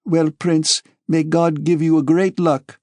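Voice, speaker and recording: A man narrating an audiobook, voicing a timid young woman servant with a Romani accent, speaking softly and hesitantly. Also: fairly high pitch, level tone, slow pace, no echo, studio quality, pitched above the performer's own voice. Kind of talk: audiobook character voice.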